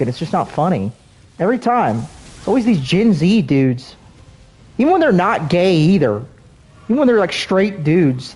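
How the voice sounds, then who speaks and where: A man streaming a video game and rambling to his chat, swearing often and filling every pause with "like". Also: sits high, a little mellow, breathy edge. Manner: rambling, profane, heavy on fillers. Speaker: gaming streamer. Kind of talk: rambling livestream chat while gaming.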